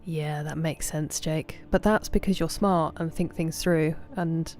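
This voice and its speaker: A woman, casually chatting with viewers on a game stream, thanking them by name and sometimes dropping to soft murmurs. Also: low voice, steady tone, a little slow, music in the background. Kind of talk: casual livestream chat.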